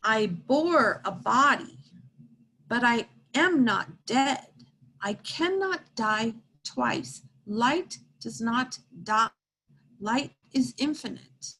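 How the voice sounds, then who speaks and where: A middle-aged woman, a medium, telling a heartfelt story and reassuring a support group in an earnest, gentle way. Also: on the high side, lively intonation, extremely slow, husky, rough recording.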